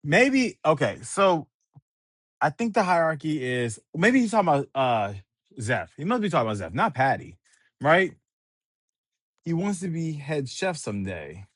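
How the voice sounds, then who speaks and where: Excitable man recapping a manga chapter. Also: a little high, measured pace, no room sound, studio quality. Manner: excitable, reads scenes aloud, laughs often. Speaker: manga reviewer. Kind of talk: casual chapter recap and commentary.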